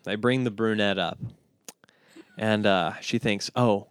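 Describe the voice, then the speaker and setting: A man hosting a podcast, telling jokes in an animated, chuckling way and often repeating himself. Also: fairly low pitch, slow, clear, resonant tone, dry recording. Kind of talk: casual joke-telling chat.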